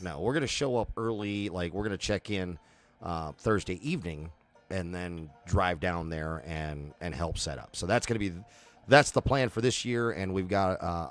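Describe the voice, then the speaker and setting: A man with a low voice talks in a relaxed, playful way, co-hosting a casual podcast. His pitch swings widely as he jokes and banters. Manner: laughing, animated, playful banter. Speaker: podcast co-host. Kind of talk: casual chat.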